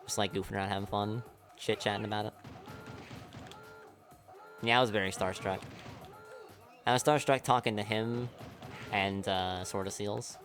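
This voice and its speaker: A man's voice: lowish voice, fairly even intonation, moderate pace, pauses often, fairly bright tone, faint music behind. A young man streaming a speedrun, chatting casually, rambling with lots of "like", swearing and laughing often.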